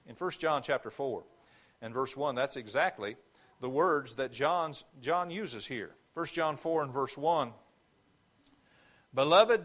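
A man preaching a sermon in a church, emphatic, rising to loud stressed phrases and dropping to quiet asides. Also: mid-range voice.

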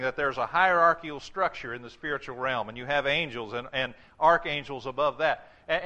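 Male pastor, higher bright voice, emphatic sermon delivery that dips low for warnings. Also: lo-fi sound. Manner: emphatic preaching, drops low and slow for warnings.

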